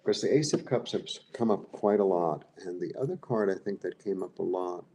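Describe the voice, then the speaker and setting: Low-voiced man musing through a tarot reading. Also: background noise. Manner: musing, thinking aloud with pauses. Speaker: tarot reader.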